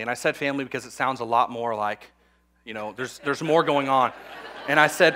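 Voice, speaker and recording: A man's voice: medium pitch, brisk, pushed and bright. A young man preaching a sermon to graduating students, conversational, with repeated words and humorous asides.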